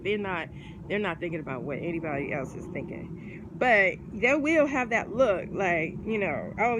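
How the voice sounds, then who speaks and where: A woman's voice: mid-range voice, noisy background. A woman vlogging in a casual chat to camera, rambling and filling her talk with fillers and restarts.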